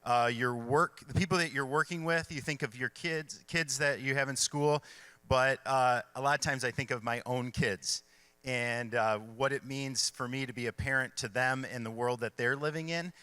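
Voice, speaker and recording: A middle-aged man speaks to a room of school staff as their superintendent, telling stories in an easy way with a few fillers. His voice is bright, smooth and crisp, recorded dry and close. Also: mid-range voice, fairly even intonation, moderate pace, no room sound. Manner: conversational storytelling with fillers. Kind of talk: speech to staff at a kickoff event. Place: school event hall.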